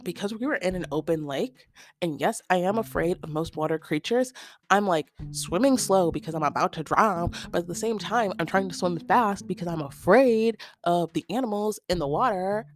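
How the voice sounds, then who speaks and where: A young woman with a fairly low voice hosts her own podcast, spinning a comic story in an exasperated, animated way. Her pitch leaps up when she gets worked up. Faint music plays underneath. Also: normal speed. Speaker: podcast host. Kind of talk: comedic storytelling monologue.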